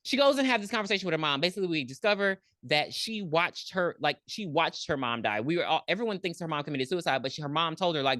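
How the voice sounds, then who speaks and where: A woman's voice: deep voice, lively intonation, fast talker, hardly any pauses, fairly bright tone, no echo, clean studio sound. A woman co-hosting a podcast, retelling a horror film in a blunt, joking, slangy way. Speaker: podcast co-host. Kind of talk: casual chat recapping a horror film.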